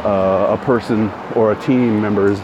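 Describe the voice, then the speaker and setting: With a lowish, fairly even voice and a measured pace, a middle-aged podcast host walks outside talking casually, drifting from point to point, self-correcting and greeting those he passes. The lo-fi audio carries traffic and street noise.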